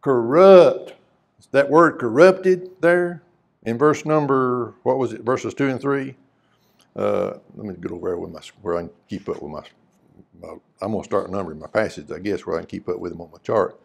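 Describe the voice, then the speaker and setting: A man's voice: on the low side, normal speed, gravelly. Preacher guy, chatty sermon, lots of rhetorical questions, reads old scripture in between. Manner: reads scripture aloud in old-fashioned wording.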